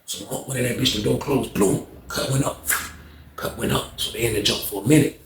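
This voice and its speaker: Gravelly man telling a story. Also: mid-range voice, a little fast, a crowd in the background. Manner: loose, slangy, heavy cursing, frequent "you know what I mean". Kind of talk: casual storytime monologue. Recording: roomy echo.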